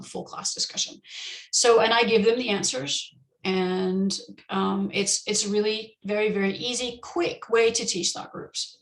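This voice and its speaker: In an online conference session on teaching pronunciation, a female teacher walks through classroom activities. Her mid-range voice has a gravelly fry, and she explains in a relaxed way, pausing on ums and restarting phrases. The audio carries an echoey room.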